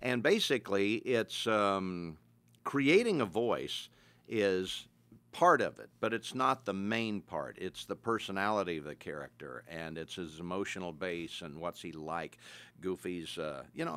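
Older man, fairly low voice, voice actor guest, relaxed explaining, easy chuckles. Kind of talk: casual interview talk.

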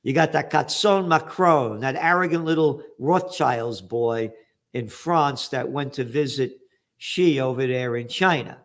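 A man's voice: mid-range voice, unhurried. An older man giving blunt, sarcastic news commentary, reading out headlines and adding profane asides. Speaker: trends forecaster hosting a news commentary show.

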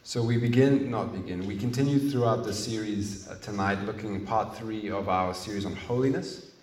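A man preaching a sermon in an earnest, emphatic way, restarting phrases and pausing as he thinks. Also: lowish voice, darkish tone. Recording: echoey room, mic at a distance.

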